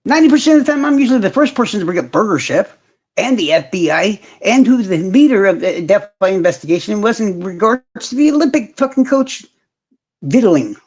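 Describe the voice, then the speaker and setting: A man's voice: high voice, sing-song, fairly quick, a little mellow. A man hosting a casual livestream, ranting in heavy profanity and answering viewers' comments directly. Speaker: livestream host.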